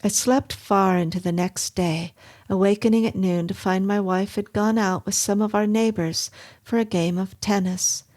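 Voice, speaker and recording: A woman narrating a horror story in a measured, suspenseful reading. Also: medium pitch, steady tone, a little mellow.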